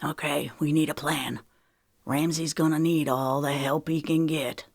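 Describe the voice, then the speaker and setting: Gruff older man, as a woman narrator reads him. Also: deep voice, fairly even intonation, a little slow, dry recording, studio quality, exaggerated voice. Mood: hushed earnest. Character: gruff older man, former soldier, blunt.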